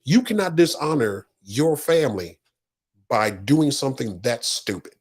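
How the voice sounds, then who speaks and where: A man's voice: mid-range voice, animated, measured pace, breathy edge. A man co-hosting a podcast, telling stories in an earnest, motivational way. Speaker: podcast co-host. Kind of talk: casual heartfelt podcast talk.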